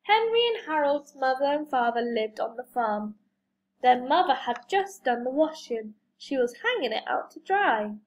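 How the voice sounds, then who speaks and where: A woman reading a children's storybook aloud, slow and expressive, lifting her voice for each character's lines. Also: high voice, low-quality recording. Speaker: reader.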